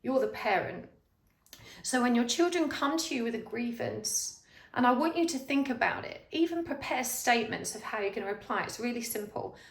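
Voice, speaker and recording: A woman's voice: fairly high pitch, lively intonation, normal speed, vocal fry, roomy sound. A woman giving a pick-a-card tarot reading, speaking straight to the viewer with earnest, reassuring advice. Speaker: tarot reader.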